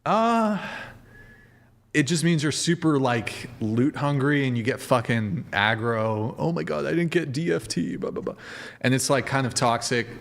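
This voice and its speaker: A man hosting a livestreamed podcast in an easygoing, loose way. His voice sits at an ordinary middle pitch, and he rambles along, dropping swear words and speaking straight to the chat. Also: unhurried, creaky. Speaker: podcast host.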